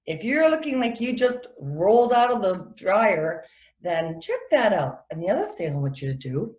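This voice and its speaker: A middle-aged woman teaching etiquette to children and parents in an animated way, often acting out quoted voices. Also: medium pitch, roomy sound. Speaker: etiquette instructor.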